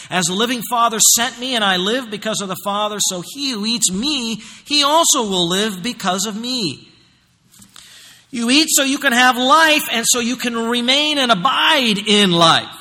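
A man delivers a sermon in a high voice with a piercingly bright, sharp tone. He preaches emphatically, rising to loud exhortation and then dropping to a hush. A long reverb from a large hall trails after his words. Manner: emphatic preaching, swinging between loud and hushed. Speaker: pastor.

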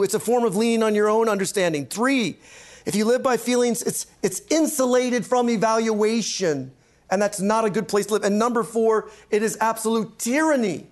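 A man, a pastor and counseling instructor, giving an emphatic teaching lecture and often checking in with "right?". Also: high-pitched. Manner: emphatic, repeats key points, asks "right?".

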